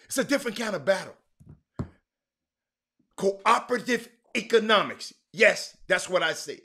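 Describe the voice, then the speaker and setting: Male livestream host, casual and rambling, slightly high voice, lots of restarts. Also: moderate pace, gravelly. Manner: loose, rambling, animated with many restarts. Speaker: talk show host. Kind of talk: casual livestream sports talk.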